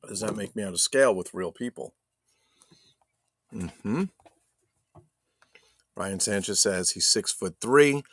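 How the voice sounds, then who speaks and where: A man's voice: lowish voice, lively intonation, slow, pauses often, a bit bright. A man hosting a casual live stream, joking loosely, swearing and reading viewer chat aloud. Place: home streaming setup.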